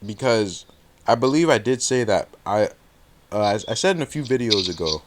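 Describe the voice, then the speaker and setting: A man with a somewhat low voice hosts a casual interview. He reasons his points out step by step and often checks that his guest is following along. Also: expressive, normal speed. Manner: thoughtful, lays out points and checks agreement. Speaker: host.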